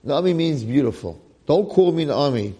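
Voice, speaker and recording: A man giving an informal, animated Torah class to a group, talking casually and dropping in Hebrew and Yiddish terms. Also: on the high side, normal speed, slightly rough, highs cut off. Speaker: Torah lecturer.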